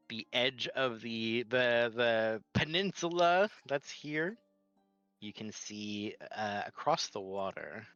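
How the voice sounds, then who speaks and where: Slow, halting male game master. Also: fairly low pitch, a bit bright, no echo, highs cut off. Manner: slow, halting narration with frequent laughter. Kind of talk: narrating a tabletop game.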